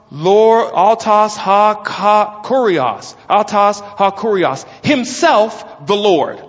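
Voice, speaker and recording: A man preaching an expository sermon, emphatic and exclaiming as he explains a text. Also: high voice. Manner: emphatic, exclaims and stretches words. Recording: lo-fi with long hall reverb.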